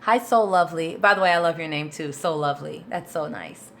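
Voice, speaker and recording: A woman's voice: deep voice, fairly quick, a bit bright, slight background noise. A woman vocal coach chatting loosely and thinking aloud as she answers questions on a live stream into her phone camera.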